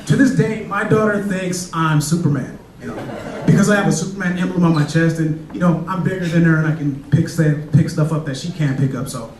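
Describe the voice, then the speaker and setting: A man's voice: a little high, brisk, darkish tone. A man doing a casual stand-up comedy set, telling stories in a loose, conversational way. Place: comedy club stage. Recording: echoey club, distant mic, crowd. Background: audience laughter.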